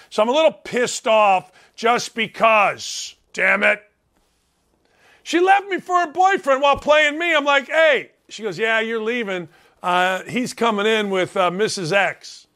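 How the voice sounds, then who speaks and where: A man hosting a sports talk show, ranting loudly in a blustery monologue. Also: high-pitched. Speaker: host.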